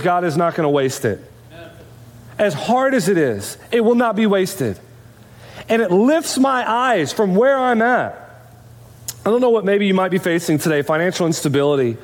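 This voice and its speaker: A man's voice: high-pitched, long reverb tail. A man preaching a sermon as pastor of a church, conversational and full of rhetorical questions. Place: church sanctuary.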